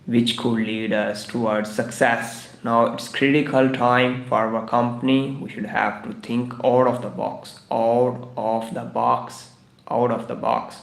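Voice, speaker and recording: A man's voice: medium pitch, level tone, unhurried, vocal fry, reverberant. A man teaching English idioms on a live stream, repeating each phrase several times in broken English. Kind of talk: livestreamed English idiom lesson. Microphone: live stream microphone.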